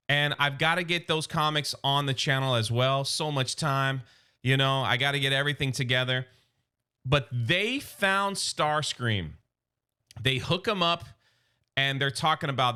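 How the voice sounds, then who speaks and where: A man casually recapping a comic book story, chatty and excitable, acting out the characters' lines as he goes. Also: on the high side.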